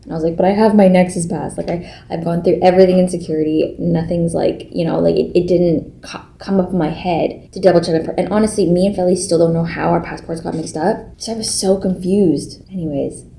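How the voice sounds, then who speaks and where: Chatty young woman vlogging, low voice. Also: steady tone, a little fast, gravelly, hardly any pauses, warm tone. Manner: chatty, lots of "like", acts out quoted reactions. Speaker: bodybuilding competitor vlogger. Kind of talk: casual vlog talk to camera.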